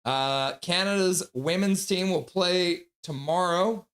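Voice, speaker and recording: A man's voice: sits high, takes it slowly, fairly bright tone. A chatty man hosts a casual livestream with a slightly raised voice. He is sassy and joking, and sounds a bit sleep-deprived as he reads out donations. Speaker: livestream host.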